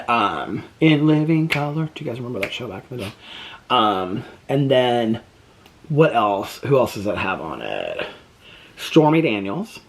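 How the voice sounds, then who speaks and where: Vlogging from home, a man chats in a rambling way packed with fillers. Between stories he coos to his pet in high-pitched baby talk.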